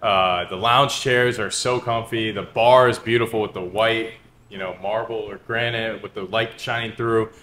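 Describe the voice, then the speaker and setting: A man co-hosting a podcast from a cigar lounge, talking in a relaxed, chatty way with loose restarts. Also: on the low side, moderate pace, a little hiss or hum. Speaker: podcast co-host. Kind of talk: casual podcast chat.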